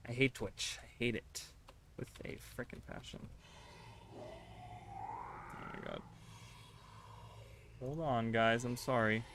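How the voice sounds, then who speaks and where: A man's voice: medium pitch, takes it slowly, pauses often, fairly bright tone, slight background noise. A man streaming a game live, chatting to his viewers in a casual, easily flustered and exasperated way. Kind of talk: casual livestream chat while gaming.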